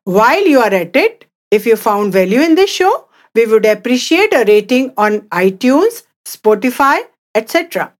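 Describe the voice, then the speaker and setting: A woman with a slightly high voice hosts a scripted Hindi lesson podcast. She speaks clearly and deliberately and repeats each phrase slowly so listeners can follow along. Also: very animated. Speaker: podcast co-host, Hindi teacher.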